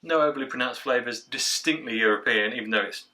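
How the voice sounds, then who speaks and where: A man giving a casual beer review from home, chatty and relaxed, with plenty of filler sounds. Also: mid-range voice, quick pace. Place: at home, indoors.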